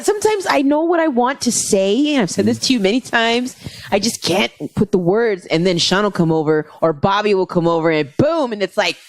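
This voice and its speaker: A woman comedian chatting casually on a podcast, telling stories in an animated, rambling way and swearing freely. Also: mid-range voice. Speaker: guest comedian.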